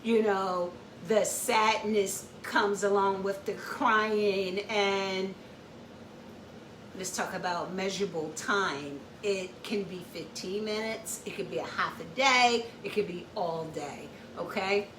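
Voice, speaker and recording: A woman's voice: mid-range voice, slow pace, a bit bright, a little hiss or hum. A woman hosting an informal educational talk, explaining step by step, repeating her points and checking in with "okay?". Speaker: host. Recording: echoey room, far from the mic.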